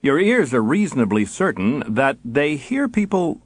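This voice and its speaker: A man reading an audiobook in a measured, wry storytelling manner. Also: medium pitch, big pitch swings, no echo. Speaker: audiobook narrator. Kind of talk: scripted narration.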